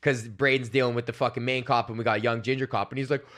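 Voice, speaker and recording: A man's voice: medium pitch, quick pace. A young man, hosting a podcast and telling a ranting, profane comedy story, often slipping into voices of the people in it. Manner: profane, animated, acts out voices of others. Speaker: podcast host.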